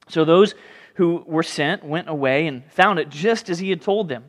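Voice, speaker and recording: A man preaching a sermon as pastor, lively, often acting out the voices of people in the story. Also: a little high, normal speed. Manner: animated, acts out voices in the story. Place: church sanctuary. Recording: hall reverb.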